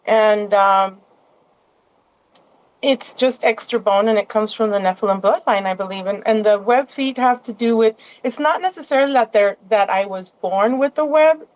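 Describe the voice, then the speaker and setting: A woman's voice: mid-range voice, moderate pace, dull audio. A woman as a guest in a casual interview, rambling along with many restarts and asides.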